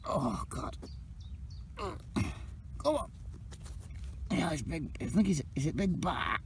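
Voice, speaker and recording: A chatty man narrates his metal detecting from an open field. His pitch swings widely and leaps up when he gets excited. Faint outdoor noise sits behind him. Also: slow. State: out of breath. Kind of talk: casual outdoor commentary to camera.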